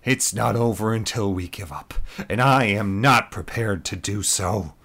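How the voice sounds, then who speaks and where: A man reading aloud, voicing an unbalanced, manipulative male commander who speaks in forceful, declamatory speeches. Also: fairly low pitch, a little slow. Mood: stubborn.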